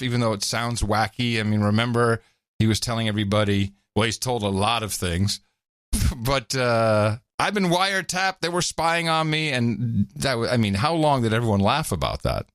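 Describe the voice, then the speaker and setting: Podcast host guy, chatty, pitch all over the place, dry mic. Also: normal speed, no echo. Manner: animated, reads listener notes aloud. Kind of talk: casual chat.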